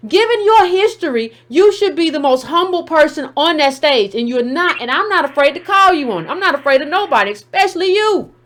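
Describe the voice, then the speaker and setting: Blunt high-voiced woman host. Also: lively intonation, fairly quick, few pauses, fairly bright tone. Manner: blunt, combative, repeats herself to hold the floor. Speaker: show host taking calls. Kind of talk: heated call-in show commentary.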